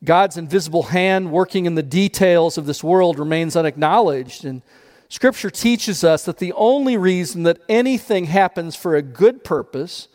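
A pastor preaching a sermon, telling a parable in an animated way and often repeating his words. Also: on the high side, long reverb tail.

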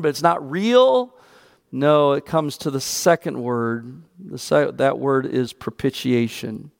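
A man's voice: high-pitched, no room sound, clean studio sound. A male pastor delivering a sermon in an earnest preaching manner that rises with emphasis.

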